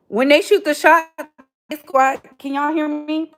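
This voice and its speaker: A woman in her thirties hosting a casual livestream, chatty and animated, full of slang and calling viewers "baby". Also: sits high, normal speed. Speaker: livestream host.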